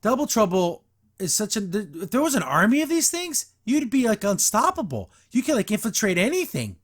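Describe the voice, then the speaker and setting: A man's voice: sits high, wildly swooping pitch, brisk, fairly bright tone. A man hosting a podcast, giving a blunt, sarcastic, exasperated review of an episode in casual commentary. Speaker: podcast host.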